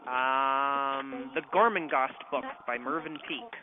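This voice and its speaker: A young man, an author taking fans' questions on a phone call, friendly and quick to laugh. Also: mid-range voice. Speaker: author guest. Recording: tinny phone line with faint hiss.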